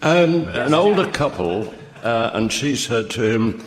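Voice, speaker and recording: A man's voice: mid-range voice, big pitch swings, a little slow. A man on a comedy panel, telling jokes in a laconic way. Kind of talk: joke telling. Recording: long hall reverb with loud clicks.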